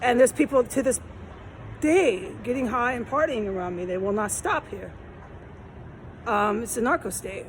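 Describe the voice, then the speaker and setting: A woman's voice: fairly high pitch, normal speed, long pauses, a little hiss or hum, low-quality recording. A woman filming herself outdoors on a city street, talking in a rambling, aggrieved, repetitive way while hot and tired. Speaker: vlogger. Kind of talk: rambling walk-and-talk vlog.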